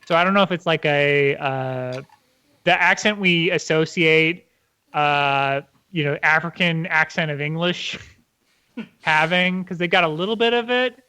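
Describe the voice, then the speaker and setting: A man with a high, bright voice chatting casually on a podcast. He rambles with many fillers and restarts. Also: a little slow, clean tone. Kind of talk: casual chat.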